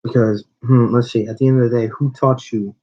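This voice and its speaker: A man's voice: medium pitch, steady tone, fairly quick, warm tone, slightly rough. Man ranting confrontationally, lo-fi. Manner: confrontational, rambling with restarts. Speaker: owner of a small wrestling channel. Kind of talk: call-out video rant. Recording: dull lo-fi recording.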